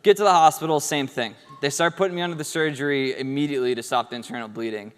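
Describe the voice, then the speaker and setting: Guy telling a funny story at an awards thing, smooth voice, big echoey hall. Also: mid-range voice, fast talker. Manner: casual, humorous storytelling with acted quotes. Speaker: award speaker. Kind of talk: storytelling speech. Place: event hall stage.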